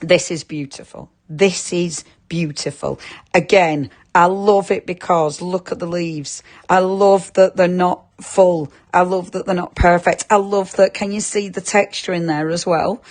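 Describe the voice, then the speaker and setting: Chatty woman presenter. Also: lowish voice. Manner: chatty, giggly, reads viewer comments aloud. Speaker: shopping channel craft presenter. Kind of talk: live shopping show chat.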